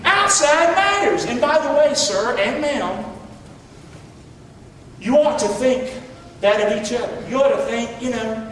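A middle-aged male pastor preaching in a folksy, animated way, full of questions to the congregation. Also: extremely high pitch, measured pace, pauses often, a little hiss or hum. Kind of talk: sermon. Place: church sanctuary. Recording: echoey hall from far off.

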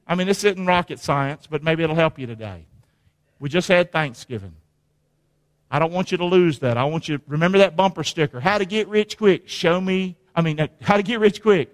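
A man preaches with a high voice that leaps all over the place, shouting one moment and dropping low the next. His words ring through a church sanctuary with long hall reverb. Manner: animated, swings from shouting to low and quiet. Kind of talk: sermon with call-and-response.

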